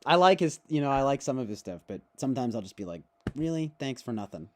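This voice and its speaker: A man's voice: mid-range voice, big pitch swings, quick pace. A man hosting a casual streamed chat, rambling along and often breaking into laughter and swearing. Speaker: host.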